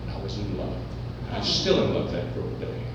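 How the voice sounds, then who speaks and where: A man's voice: lowish voice, quick pace. Man, live comic storytelling, swooping delivery, distant mic, noisy background. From Oklahoma. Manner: animated, playfully exaggerating. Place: event hall, indoors. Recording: echoey hall, distant mic, background noise.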